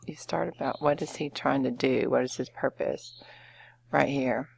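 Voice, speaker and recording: A woman's voice: very deep voice, fairly even intonation, moderate pace, creaky, husky. A woman teacher walking students through an essay-writing lesson, explaining step by step with frequent fillers and okays. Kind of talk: classroom lesson walkthrough.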